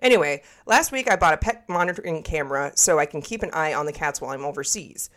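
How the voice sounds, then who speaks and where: A woman with a fairly low voice reads a scary story aloud on a casual podcast. She breaks off now and then for laughs and asides. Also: lively intonation, fast talker, fairly bright tone. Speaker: podcast co-host.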